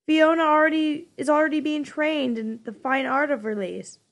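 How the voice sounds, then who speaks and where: A woman reading aloud, voicing a weary, sorrowful old male mentor who speaks in a steady, measured way. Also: high-pitched, creaky, pitched above the performer's own voice. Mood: grave.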